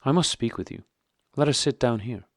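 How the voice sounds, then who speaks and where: A man's voice: medium pitch, brisk, dry recording, studio quality, voice pushed up, natural voice. Man voicing a pleading distressed wife. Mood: anxious. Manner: pleading, emotional. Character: distressed loyal middle-aged wife.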